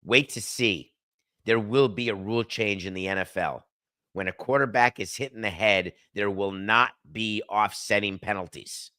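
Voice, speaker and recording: A man's voice: fairly low pitch, steady tone, normal speed, pushed and bright, smooth, dry recording, clean studio sound. A middle-aged man hosting a sports podcast, delivering an emphatic, sardonic opinion monologue and arguing with himself. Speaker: podcast host.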